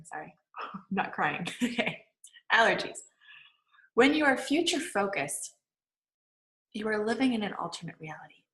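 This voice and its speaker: A woman's voice: medium pitch, fairly bright tone, echoey room, low-quality recording. A woman manifesting coach giving a casual online lecture, chatty and full of "like". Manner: chatty, peppered with "like" and laughs.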